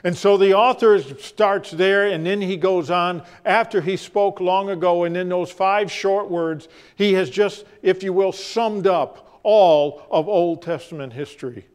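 A man preaching a sermon, telling stories and repeating phrases for emphasis, shifting between loud and hushed delivery. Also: sits high. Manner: dramatic storytelling with pauses, acts out quoted voices.

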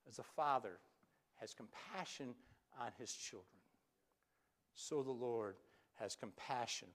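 A male pastor preaching a sermon, telling Bible stories with animated, acted-out quotes and some stammered restarts. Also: mid-range voice.

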